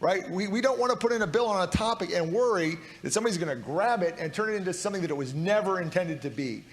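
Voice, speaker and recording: A man's voice: high voice, animated, quick pace, slight background noise. A man who is a state legislator giving an argumentative floor speech, often tossing in rhetorical "right?" asides. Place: large legislative chamber. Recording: echoey hall reverb.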